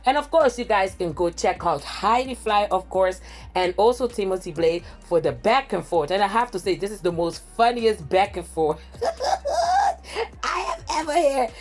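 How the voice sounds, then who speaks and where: A woman hosting a gossip reaction commentary, talking in a dramatic, theatrical way with drawn-out exclamations. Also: mid-range voice, expressive. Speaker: gossip reporter host.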